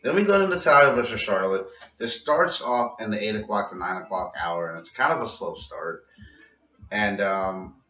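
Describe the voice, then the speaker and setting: A man's voice: on the low side, lively intonation, moderate pace, pushed and bright, far from the mic, faint music behind. A man casually recapping a wrestling show in a rambling, profane vlog, laughing at his own jokes. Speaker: vlogger reviewing wrestling. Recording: roomy, muffled and off-mic.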